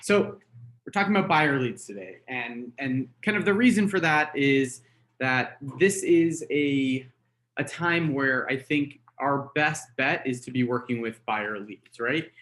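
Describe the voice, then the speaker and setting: A man's voice: mid-range voice, a little slow, fairly bright tone. An American man, a real estate trainer, talks casually through a webinar, coaching with many fillers and "right?" tags. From United States. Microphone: webinar call mic.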